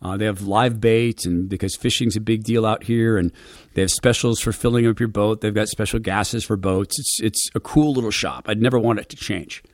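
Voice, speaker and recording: A middle-aged man hosting a radio show, telling a personal story to his listeners in an earnest, heartfelt, conversational way with quick restarts. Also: on the low side, steady tone, dry recording, clean studio sound. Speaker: radio and podcast host.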